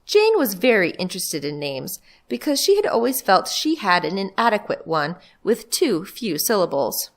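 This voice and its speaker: A librarian reading a children's book aloud, a woman telling the story in a lively way. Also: mid-range voice, moderate pace, few pauses.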